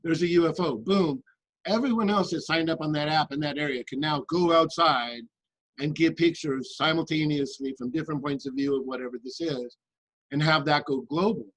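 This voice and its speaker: Guy in a group call going off on an earnest little soapbox, slightly high voice, lots of restarts. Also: fairly bright tone, dry recording, low-quality recording. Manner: earnest, impassioned, halting restarts. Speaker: guest in a remote viewing discussion. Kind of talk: casual group discussion.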